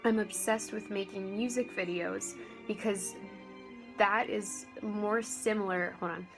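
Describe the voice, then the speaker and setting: A young woman talks to her camera in a loose, halting way, circling back and restarting her sentences. She drops in dry sarcastic jokes. She speaks slowly, with faint music playing softly behind her. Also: medium pitch, fairly even intonation, poor audio. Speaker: vlogger. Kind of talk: casual vlog talk to camera.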